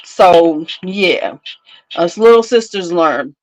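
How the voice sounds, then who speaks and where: A woman's voice: on the low side, expressive, slow, a little mellow, highs cut off, a little hiss or hum. A woman in her fifties hosting a casual livestream chat from home, telling stories with frequent laughs and talking back to her viewers. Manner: chatty storyteller, laughs often, talks back to viewers. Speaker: beauty channel host.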